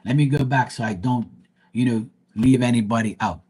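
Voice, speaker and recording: A man running a live tarot stream talks in a blunt, heated rant and swears freely. His voice is husky and slightly rough, at an ordinary male pitch. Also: normal speed, dark tone. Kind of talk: ranting livestream monologue.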